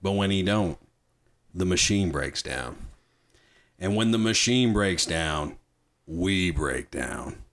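A man putting on the voice of a bitter, world-weary male army sergeant in a low muttered drawl. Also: expressive, takes it slowly, pauses often, fairly bright tone, exaggerated voice.

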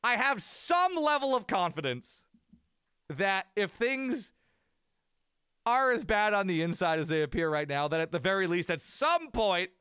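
Animated high-voiced man ranting about sports. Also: a little slow, clean tone, no room sound, studio quality. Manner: animated, rambling, self-mocking rants. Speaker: podcast co-host. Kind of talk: casual sports talk.

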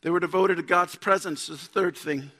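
A man's voice: high voice, steady tone, brisk, sharp tone. A man in his thirties preaching a conversational sermon as a pastor, building up to emphatic peaks. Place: church sanctuary. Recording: long church hall reverb.

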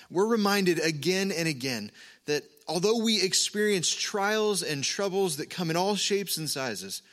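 A man preaching a sermon as pastor, earnest and measured, with an occasional filler. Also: fairly high pitch, a bit bright.

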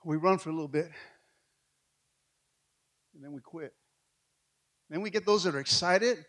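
A middle-aged man preaching a sermon, with energetic delivery that swings from loud calls to hushed asides. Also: a little high, normal speed. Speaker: pastor.

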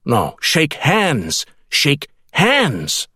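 A man's voice: a little high, extremely slow, breathy edge, no echo, studio quality, voice pushed up, full character voice. A man voicing a giddy grown man boasting that he taught a cat tricks, in an audiobook reading. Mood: commanding. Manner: excited, boastful, shouting commands.

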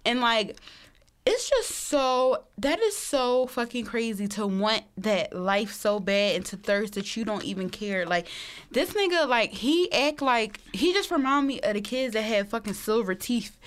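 A woman's voice: on the high side, big pitch swings, a little slow. Exasperated, cussing woman co-host. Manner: profane, exasperated, emphatic. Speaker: podcast co-host. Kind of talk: casual chat.

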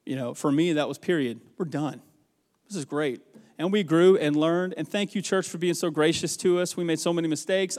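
Pastor with a folksy style. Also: male voice, a little high, in a large hall. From American South. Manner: folksy storytelling, earnest and rambling. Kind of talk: farewell sermon. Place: church sanctuary.

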